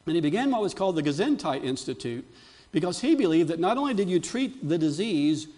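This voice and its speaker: A male pastor preaching a sermon to his congregation, building to emphatic, fervent peaks between quieter storytelling, with frequent restarts. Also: a little high, sing-song, brisk.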